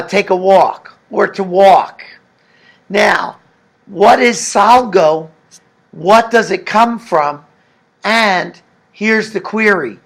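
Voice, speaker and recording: A man's voice: high-pitched, vocal fry, a bit bright. A man teaching a recorded language lesson, patiently explaining and asking the class questions. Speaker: Spanish teacher.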